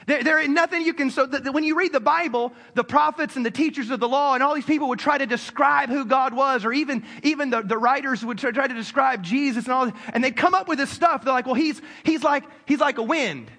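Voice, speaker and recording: A man's voice: very high-pitched, a little fast, few pauses, pushed and bright. A man preaching a sermon as a pastor, talking to his congregation in a loose, conversational way full of repeats and asides. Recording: long hall reverb.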